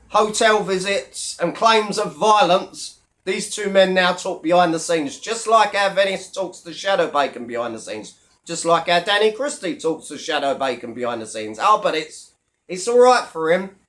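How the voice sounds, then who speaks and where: Guy with a high voice ranting on his vlog, swears a lot, mocks people. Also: fairly bright tone. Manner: blunt, heavy swearing, mocking. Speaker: YouTube commentator.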